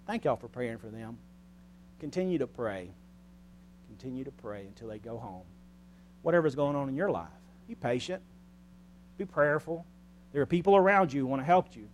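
A man preaching a sermon in a church, speaking earnestly, rising loud and then dropping soft and quiet. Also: mid-range voice, animated, fairly quick, pauses often, slight background noise.

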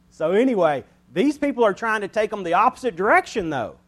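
Pastor, male, higher pitch, chatty folksy sermon delivery with chuckles. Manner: folksy, conversational preaching with chuckles.

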